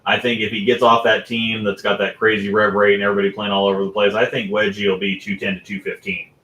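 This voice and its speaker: Talking fast in a fairly low, level, pushed and bright voice, a podcast co-host chats loosely about bowling with frequent restarts and fillers. The audio is dull and has a roomy echo.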